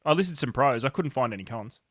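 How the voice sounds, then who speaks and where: A man's voice: mid-range voice, lively intonation, fairly quick, a bit bright, no echo, clean studio sound. A man co-hosting a podcast, joking in casual banter. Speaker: podcast co-host. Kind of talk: casual chat.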